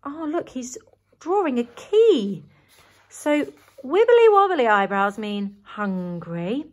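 A woman teacher reading a picture book aloud to young children, animated and enthusiastic, often gasping in delight. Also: a little high, takes it slowly.

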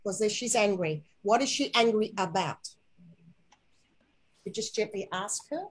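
A woman guiding a spiritual inner-child healing session, talking softly and slowly and coaxing with endearments. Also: mid-range voice, expressive, husky, low-quality recording. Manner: soft, slow, coaxing guidance with gentle endearments.

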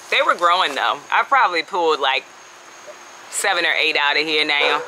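A woman's voice: lowish voice, bright, forceful tone, slight background noise, poor audio. A woman chatting casually as she walks viewers through her backyard garden on a handheld phone, laughing often and calling them y'all. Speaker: home gardener vlogger. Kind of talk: casual garden walkthrough vlog.

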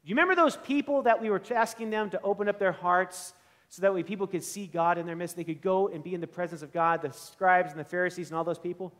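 A male pastor preaching a sermon in a church, with animated, conversational storytelling. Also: high voice, fast, in a large hall.

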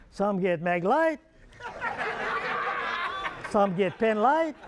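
A man speaking with a Hawaiian Pidgin accent delivers a humorous motivational keynote. His voice sits high for a man. He keeps firing quiz questions at the audience and teasing them in easy call-and-response. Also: very animated, extremely slow, a loud crowd, very noisy.

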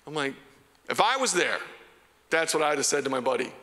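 Animated preaching man in a reverberant hall. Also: mid-range voice, quick pace. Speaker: pastor. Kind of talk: sermon. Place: church hall.

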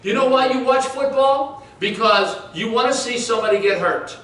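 A man's voice: very high-pitched, moderate pace, a bit bright. A male pastor preaching a sermon, talking in a conversational way and questioning the congregation. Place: church sanctuary. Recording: echoey church room from far off.

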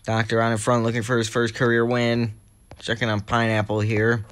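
Bright-voiced young man calling a race. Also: medium pitch, normal speed. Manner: excitable, rising to shouts at crashes. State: scratchy throat. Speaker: race commentator. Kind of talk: play-by-play commentary of a video game race.

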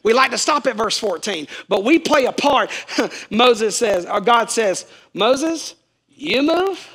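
High, bright-voiced preaching man. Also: a little slow, creaky, husky. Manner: emphatic, repeats key phrases, calls on the congregation to respond. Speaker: pastor. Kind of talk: sermon.

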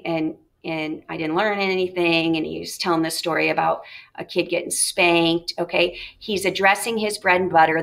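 A woman's voice: fairly low pitch, a bit bright. A middle-aged woman teacher leading a reading lesson, reading a story aloud and modeling note-taking, with frequent checks like "okay?". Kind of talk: classroom lesson with read-aloud.

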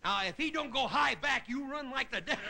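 A comedian in his fifties delivering a stand-up monologue, chuckling at his own gags and dropping into quick character voices. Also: extremely high pitch, vocal fry, very noisy. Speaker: comedian host. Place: television studio stage with live audience.

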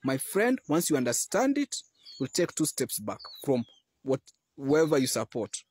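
Husky-voiced man preaching a fervent sermon. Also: mid-range voice, big pitch swings, moderate pace, a little mellow. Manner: exhorting, rising to emphatic peaks. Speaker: Christian preacher.

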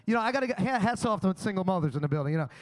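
A young man, his voice pitched unusually high, working a comedy club crowd. He tells crude, boastful stories in a brash, swaggering way. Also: lively intonation, racing. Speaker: stand-up comedian. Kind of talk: live stand-up comedy set.

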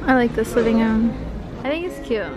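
A woman's voice: a little high, fairly quick, music in the background. A young woman vlogging in a furniture store, talking to the camera in a chatty and playful way. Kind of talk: casual vlog chat.

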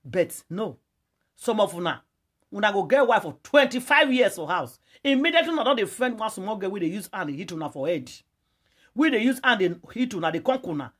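Nigerian woman vlogger with a husky, breathy voice and a mid pitch, lecturing her audience on gossip. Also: expressive, a little fast. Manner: preachy, lecturing and repetitive. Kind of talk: emphatic commentary.

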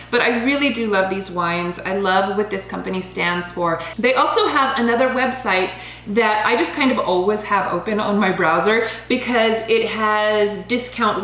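A woman in her thirties chatting casually as she reviews wines, bubbly and quick to laugh, stumbling over foreign names. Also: medium pitch, a bit bright. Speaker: vlogger reviewing wine. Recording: roomy home recording with faint hum.

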